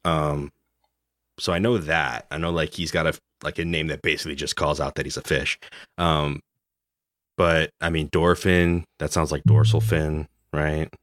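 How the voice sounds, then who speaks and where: A man's voice: a bass voice, little pitch movement, normal speed, fairly bright tone, dry recording, studio quality. A man co-hosting a podcast, talking casually about a video game, rambling with many fillers and chuckles. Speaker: podcast co-host.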